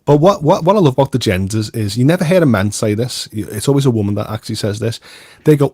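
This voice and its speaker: A man's voice: medium pitch, animated, fast talker, dark tone, dry recording. British man rambling in dry sound. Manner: rambling, frequent restarts and repeated words. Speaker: co-host. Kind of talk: casual podcast chat.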